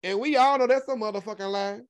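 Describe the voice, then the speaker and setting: A man hosting a casual livestream delivers a loose, unscripted monologue to his chat. He is sassy and profane. His voice drops into a low, lazy drawl and then jumps to high, emphatic exclamations. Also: quick pace. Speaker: host.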